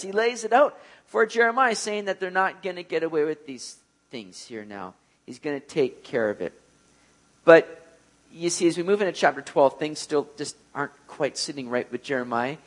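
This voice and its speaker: Male preacher, a little high-pitched, talks to the congregation like a friend and acts out the quotes. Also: a bit bright. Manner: conversational, keeps asking "right?". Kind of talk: sermon.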